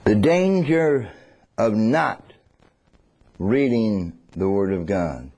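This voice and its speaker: A man preaching a sermon. He swings between loud and hushed and acts out little scenes. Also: on the low side, lively intonation, very slow.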